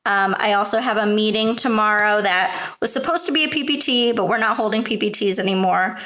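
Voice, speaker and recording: A woman's voice: mid-range voice, fairly quick, pushed and bright. A young woman, a preschool teacher, talking casually to camera from her apartment, chatty and hesitant and full of fillers. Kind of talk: casual vlog chat.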